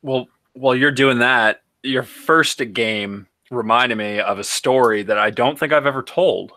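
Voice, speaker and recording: A man's voice: mid-range voice, a little slow, sharp tone. A man from Canada co-hosting a casual podcast, chatty and teasing. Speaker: podcast co-host.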